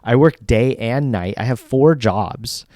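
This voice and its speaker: A man's voice: mid-range voice, measured pace, no echo, clean studio sound. Tired, swearing man co-hosting a podcast. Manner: animated, swearing, rambling storyteller. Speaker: podcast co-host. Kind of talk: casual chat. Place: home studio.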